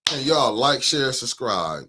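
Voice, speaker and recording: A man's voice: medium pitch, very animated, slow pace, bright, forceful tone, husky. A man hosting a casual morning talk show, joking and teasing his co-host.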